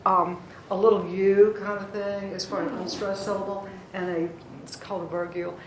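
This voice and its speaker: A woman's voice: medium pitch, flat delivery, moderate pace, a little hiss or hum. A woman teaching a poetry class, chatty and drawing out words to show the stress. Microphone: distant recorder. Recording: echoey room from far off.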